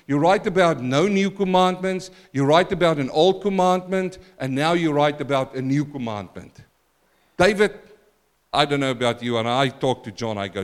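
A middle-aged male pastor preaching a sermon, animated and talking straight to his congregation. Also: a little high. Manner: animated, talks directly to the congregation and to the apostle.

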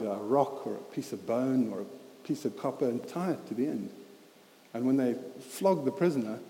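A man's voice: medium pitch, dark tone, a little hiss or hum. A man preaching a sermon in an earnest, plain-spoken, conversational way, often saying "you know" and repeating words. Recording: reverberant church hall.

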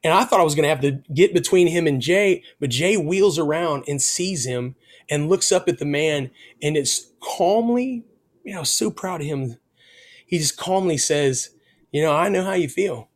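A middle-aged worship musician telling a personal story in an interview, earnest and emotional, his voice going soft when he speaks of faith. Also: fairly high pitch, animated, moderate pace.

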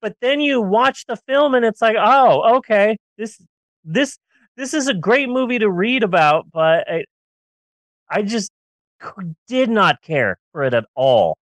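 A man's voice: high voice, animated, a little slow, fairly bright tone, dry recording. A man co-hosting a casual movie-review podcast, ranting sarcastically and riffing with jokes. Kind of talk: casual comedic film review chat.

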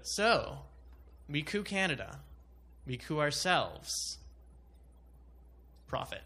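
A man's voice: a little high, very animated, slow pace. A man making a comedic argument with a chuckle in his voice. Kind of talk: comedic debate bit. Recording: faint background noise.

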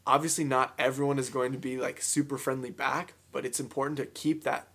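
A man's voice: medium pitch, flat delivery, brisk, fairly bright tone. Young man giving earnest advice. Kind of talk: casual chat.

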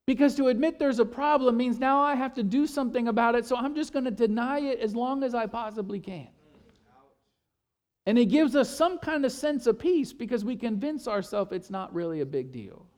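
High-voiced man preaching a sermon. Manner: repeats words and builds emphasis in lists; hushed when quoting scripture. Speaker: pastor.

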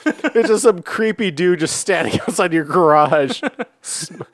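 A man's voice: high-pitched, lively intonation, a little slow, no room sound, clean studio sound. A man co-hosting a casual podcast chat, giggling and riffing on jokes with lots of fillers. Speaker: podcast co-host.

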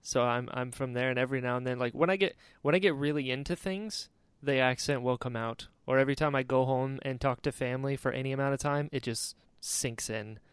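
Relaxed host with a smooth, dry voice. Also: male voice, mid-range voice, a little fast, hardly any pauses, no room sound. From North Carolina. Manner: relaxed, friendly, laughs often. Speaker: podcast host. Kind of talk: casual chat. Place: home studio in Florida, dry sound.

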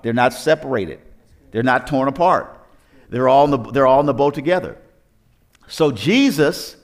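This pastor, a man with a fairly high-pitched voice, tells the story of his sermon conversationally. He poses rhetorical questions and often restarts his sentences.

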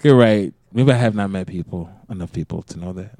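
A man from Minnesota co-hosting a casual podcast chat, animated and quick to laugh, often restarting his sentences. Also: sits low, no room sound. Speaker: co-host.

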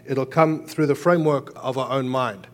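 A man preaching a sermon as pastor, moving between emphatic raised lines and quiet, earnest explanation. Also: mid-range voice, fairly even intonation, normal speed.

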